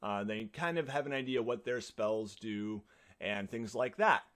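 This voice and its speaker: A man presenting tips for players in an instructive, clear way, played from a video. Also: fairly low pitch, a little slow, fairly bright tone. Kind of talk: explanatory advice talk.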